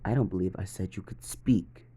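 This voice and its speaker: A man voicing a smug, cruel adult captor, speaking in a low, mocking way. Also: normal speed, dark tone, husky.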